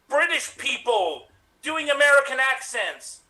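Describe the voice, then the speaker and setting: A man's voice: extremely high pitch, very animated, moderate pace, sharp tone, poor audio. A man improvising a goofy comic scene over a video call, full of silly sound effects. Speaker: improv performer.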